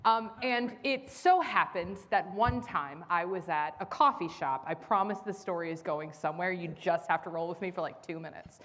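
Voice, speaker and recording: A woman's voice: fairly low pitch, normal speed, few pauses, fairly bright tone. A woman from the Midwest tells a rambling, self-deprecating story live on stage in a convention hall, full of likes and ums. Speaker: storyteller, player on a comedy game show.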